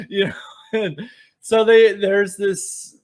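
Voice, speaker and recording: A man with a somewhat high voice chats about politics on a podcast. He talks animatedly, lacing his points with sarcastic mockery and plenty of fillers. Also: level tone, drawn-out words. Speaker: podcast guest. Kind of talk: casual political chat.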